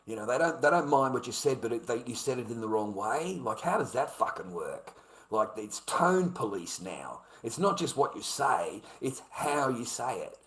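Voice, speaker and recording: A man's voice: mid-range voice, animated, normal speed, fairly bright tone, roomy sound, rough recording. An older Australian man ranting in an aggrieved, swearing, repetitive vlog monologue.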